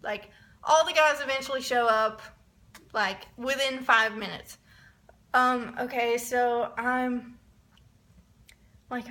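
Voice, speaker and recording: A young woman telling a rambling, excitable story in a casual vlog, often restarting her sentences. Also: on the high side, takes it slowly, long pauses. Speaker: vlogger.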